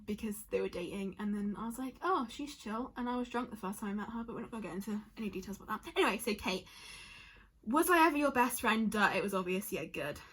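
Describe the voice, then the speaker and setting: A young adult woman vlogs casually, reading out her friends' answers and reacting as she goes, rambling with lots of "like" and cutting herself off mid-sentence. She's chatty and emotional, and her fairly high voice sounds pushed, bright and slightly rough.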